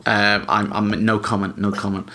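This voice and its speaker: A man's voice: lowish voice, little pitch movement, moderate pace, sharp tone. A man hosting a casual podcast chat, joking and rambling with many ums. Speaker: podcast host.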